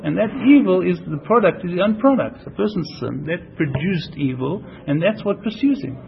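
A man delivers a Torah lecture in a gravelly, slightly high voice, circling back over his points and sprinkling in Hebrew and Yiddish phrases. The recording is dull and lo-fi, with a faint hiss underneath. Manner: animated, repeats himself, mixes Hebrew and Yiddish terms. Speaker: Torah teacher.

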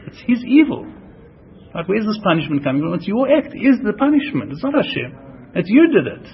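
Man, Torah lecturer, fairly high gravelly voice, animated and repetitive, dull lo-fi recording with faint hiss. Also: brisk. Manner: animated, repeats himself, mixes Hebrew and Yiddish terms. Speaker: Torah teacher.

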